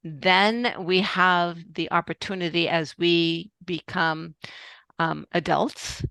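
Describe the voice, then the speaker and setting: A woman's voice: lowish voice, steady tone, slow pace, a bit bright, clean tone, no room sound. A woman hosting a podcast interview, talking casually in a coaching tone and often saying "right" and "you know". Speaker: podcast host.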